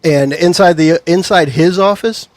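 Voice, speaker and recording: A man's voice: a little high, a little slow, no echo. A man narrating as game master of a tabletop game, loose and rambling, laughing easily.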